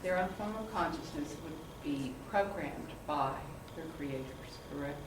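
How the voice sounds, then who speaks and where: A woman's voice: sits low, normal speed, noisy background. A woman in the audience asking hesitant questions during a talk. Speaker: audience member. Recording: echoey room from far off.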